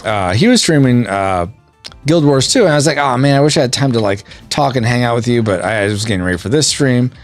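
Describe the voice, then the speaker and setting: A man's voice: mid-range voice, animated, a little fast, soft background music. A man hosting a podcast, chatting casually while playing a video game and reading out chat messages. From California and Colorado. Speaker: podcast host.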